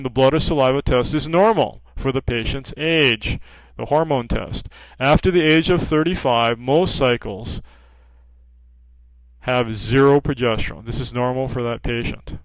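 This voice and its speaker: A man's voice: mid-range voice, moderate pace, clean tone, dry recording, rough recording. A man who sells hormone cream talks informally to customers, telling anecdotes about patients and acting out their calls while often saying "okay". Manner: peppers speech with "okay", acts out callers' lines in dialogue. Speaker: hormone practitioner selling progesterone cream.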